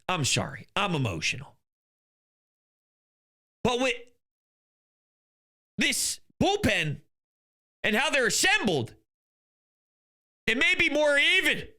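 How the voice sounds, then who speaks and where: A man ranting in a sports commentary vlog, exasperated and insulting critics, swinging between loud outbursts and low muttering.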